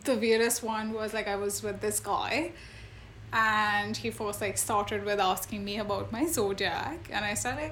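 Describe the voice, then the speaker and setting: A woman from India, a podcast guest, telling stories in an animated, laughing way. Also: medium pitch, normal speed, slight background noise. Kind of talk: casual storytelling.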